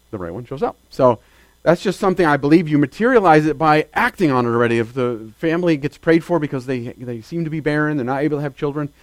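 A man's voice: medium pitch, a little mellow, no room sound. A man preaching a sermon in a conversational way, asking his listeners rhetorical questions and rising into sudden emphasis.

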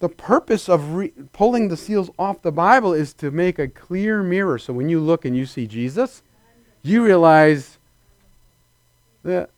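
A man's voice: fairly high pitch, expressive, unhurried, dry recording. A man preaching a sermon to a congregation in a conversational, playful way, acting out little scenes in put-on voices. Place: church before a congregation.

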